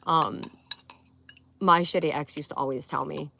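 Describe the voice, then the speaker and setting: A woman's voice: sits low, fairly even intonation, normal speed, gravelly, noisy background. A young woman chatting casually on a live stream, rambling, giggling and swearing now and then.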